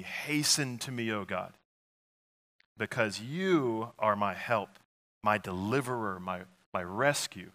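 A male pastor preaching with a low, bright, forceful voice. He talks in an earnest, conversational way, stumbling and restarting often as he works through his thoughts. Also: normal speed. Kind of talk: sermon.

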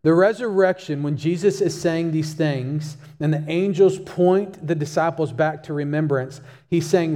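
A man's voice: a little high, measured pace, few pauses, mellow, in a large hall. A male pastor preaching a sermon, emphatic and repeating key phrases for stress.

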